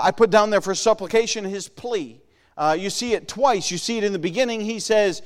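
A man's voice: sits high, brisk, clear, resonant tone, big-room sound. A man preaching a sermon in an earnest manner, repeating words and calling out to listeners.

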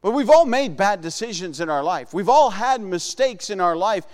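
A man's voice: high voice, animated, moderate pace, a little mellow, long reverb tail. A man preaching a sermon in an earnest manner, repeating words and calling out to listeners.

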